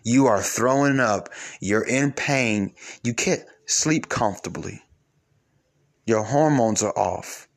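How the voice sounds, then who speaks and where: A man giving a preachy monologue to his viewers, emphatic, swinging between loud and low. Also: takes it slowly.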